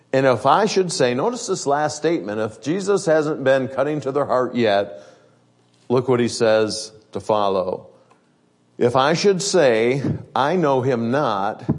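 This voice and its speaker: A male preacher giving a sermon, reading scripture aloud and explaining it in plain conversational words, slowing down to stress his points. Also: medium pitch.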